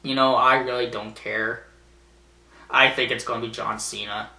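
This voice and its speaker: A man rambles through a casual vlog, sarcastic and profane, and he often laughs at his own lines. His tone is bright and sharp. The recording has a noticeable room echo. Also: mid-range voice, steady tone, normal speed, gravelly. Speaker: vlogger.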